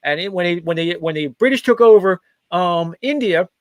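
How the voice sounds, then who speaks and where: A man's voice: high voice, lively intonation, moderate pace, dry recording. A man hosting a political talk show, giving mocking, opinionated commentary that rambles and restarts often.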